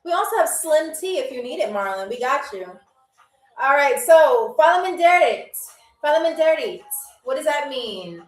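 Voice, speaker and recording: A woman's voice: high-pitched, big pitch swings, normal speed, reverberant, distant mic, poor audio. A woman hosting a live online game show in a playful, chatty, teasing way. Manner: chatty, teasing, laughs often.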